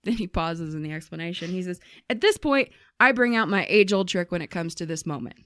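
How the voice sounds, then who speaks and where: A woman co-hosting a casual podcast, telling and reading listener stories with lively voices for the people she quotes and plenty of swearing. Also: fairly low pitch, a little fast, dry recording, clean studio sound. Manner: animated storyteller, acts out quoted people, swears freely. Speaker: podcast co-host.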